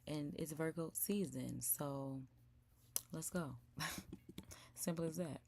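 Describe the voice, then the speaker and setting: A young woman with a low voice hosts a laid-back live stream from her home, talking straight to her viewers and calling them y'all. Now and then she drops into a soft whisper, and a faint hiss sits under her voice. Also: takes it slowly, gravelly. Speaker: live-stream react host. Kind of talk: casual live-stream chat. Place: indoors at home.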